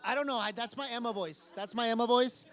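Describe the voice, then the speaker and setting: A man's voice: extremely high pitch, a little fast, fairly bright tone. A man giving a casual youth group sermon to a live audience in a room. He quizzes the listeners and repeats phrases for emphasis. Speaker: youth pastor.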